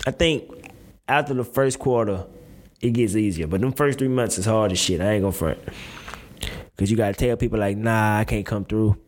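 A man's voice: lowish voice, a little mellow. Candid, rambling young man. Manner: rambling and slangy, with frequent restarts and laughs. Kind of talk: candid confessional monologue.

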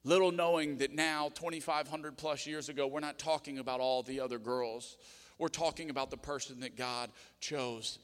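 Pastor preaching in a reverberant hall. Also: male voice, medium pitch, steady tone. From Louisiana, USA. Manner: conversational storytelling, emotional, quick asides. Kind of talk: sermon. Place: church sanctuary. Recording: long reverb of a church hall.

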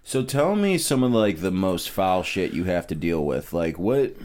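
A man's voice: deep voice, big pitch swings, measured pace, darkish tone. A man hosting a casual podcast chat, blunt and swearing freely. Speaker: podcast host.

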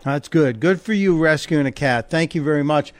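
A man's voice: fairly high pitch, normal speed. A man hosting a talk radio show and taking calls, chatty and jokey, often stumbling and repeating words. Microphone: studio microphone.

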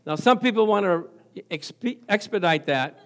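A man's voice: sits high, animated, moderate pace, a bit bright. A man preaching a sermon as pastor, telling everyday stories, laughing often and calling out to the congregation for amens. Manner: storytelling with call-and-response, laughing often.

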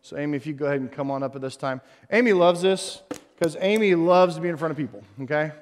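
Animated pastor with a high voice. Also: male voice, fast talker, big-room sound. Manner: animated, jokey, swings between loud emphasis and hushed tones. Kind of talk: sermon. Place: church stage before a congregation.

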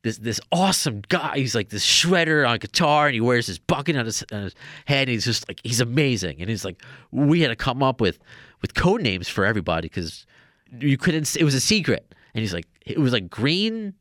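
A man's voice: mid-range voice, big pitch swings, brisk, a bit bright, no room sound, studio quality. A man hosting a podcast, telling a long story in a casual, rambling way with many restarts. Now and then he raises his voice to act out what others said. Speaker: podcast host.

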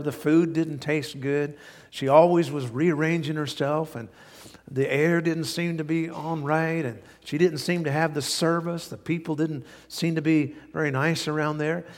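A man's voice: fairly high pitch, fairly even intonation, measured pace. A male pastor preaching a sermon in earnest, hammering points home by repetition and folksy stories. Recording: long reverb of a large hall.

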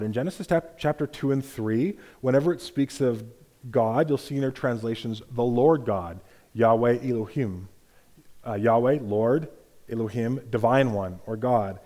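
A man delivers a teaching sermon in a measured, explanatory way, tossing in rhetorical asides. His voice is mellow and warm, sitting at an ordinary middle pitch. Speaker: preacher.

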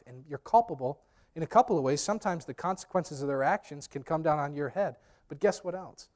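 A man's voice: mid-range voice, a little mellow. A man preaching a sermon as pastor. He speaks emphatically, addresses the congregation directly and drops in humorous storytelling asides.

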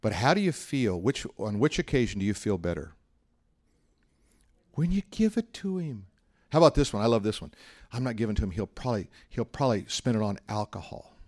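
A middle-aged pastor preaches a sermon in a conversational, storytelling style, acting out the voices of the people he quotes. His fairly low, darkish voice is expressive and quick, with hardly any pauses.

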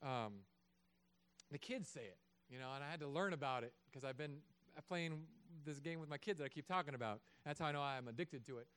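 A pastor in his thirties preaches with a high, smooth, resonant voice. He jokes and acts out little voices as he goes. The sermon is given in a church. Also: fairly quick. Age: 30s. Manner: animated, joking, acts out voices.

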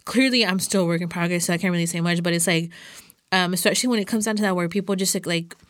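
A woman's voice: on the low side, very fast, dry recording, clean studio sound. A young adult woman chatting as a podcast guest, rambling loosely with lots of filler words between thoughts. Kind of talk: casual chat.

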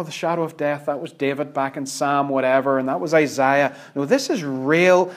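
A man preaching a sermon, earnest and emphatic, sometimes dropping almost to a whisper. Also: on the high side. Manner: earnest, emphatic, with dramatic drops to near-whisper.

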